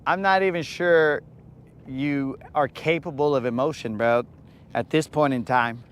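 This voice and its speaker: A man hosting a fishing livestream, chatting casually with viewers in relaxed, slangy banter. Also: medium pitch, unhurried, clean tone. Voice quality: laid-back slangy banter, calls viewers bro and dog. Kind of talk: casual live-stream chat with viewers.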